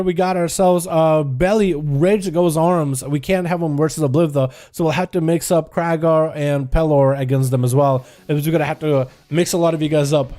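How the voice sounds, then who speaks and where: A man with a high voice casts live game duels for his viewers. He calls the action in loose, excitable play-by-play and talks casually to the chat. Soft background music plays quietly under his voice. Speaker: streamer and duel commentator. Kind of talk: livestream play-by-play game commentary.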